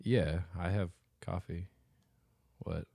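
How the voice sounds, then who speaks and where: A very deep-voiced man co-hosting a chatty podcast, loose and playful, drifting off mid-thought before picking back up. The recording is dry and close, with no room sound around him. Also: fairly even intonation, slow pace, vocal fry, dark tone, no echo. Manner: laid-back, joking, trailing off mid-sentence. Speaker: podcast co-host. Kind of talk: casual chat.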